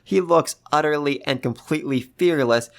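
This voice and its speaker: Excitable, gushing reviewer. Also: mid-range voice, moderate pace. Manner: gushing, excitable, gasps and laughs; repeats phrases for emphasis. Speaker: manga chapter reviewer. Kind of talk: casual commentary.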